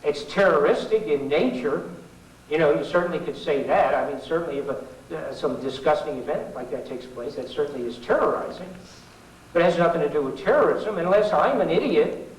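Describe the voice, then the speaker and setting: A middle-aged man speaks to an audience in a folksy, sarcastic, rambling way, full of asides. His voice sits somewhat high for a man. He was taped from a distance in a roomy hall with faint background ambience. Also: a little fast, slight background noise. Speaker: public speaker. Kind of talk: informal political talk to an audience. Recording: echoey 1990s hall recording from far off.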